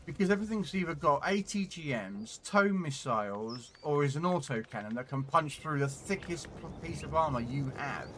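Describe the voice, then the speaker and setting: A man's voice: a little high, expressive, moderate pace, hardly any pauses, a bit bright, slight background noise. A man streaming a tank game, chatting casually and rambling as he repeats words while thinking aloud, on a desktop condenser mic. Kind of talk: casual gameplay commentary.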